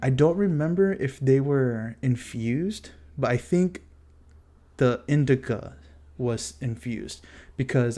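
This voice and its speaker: A man's voice: mid-range voice, a little mellow. Rambling, profane young man from Texas. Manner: rambling, profane, self-mocking. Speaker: vlogger. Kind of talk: casual storytime.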